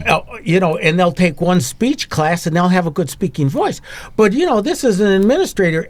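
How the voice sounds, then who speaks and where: A man's voice: on the high side, no echo. A man chatting and joking on a talk show, rambling with restarts. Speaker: show regular. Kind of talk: casual comedic chat.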